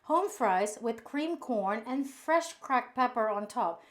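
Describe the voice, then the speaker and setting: A woman's voice: fairly high pitch, animated, slow. Chatty woman hosting a cooking stream. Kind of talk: casual chat, reading chat aloud.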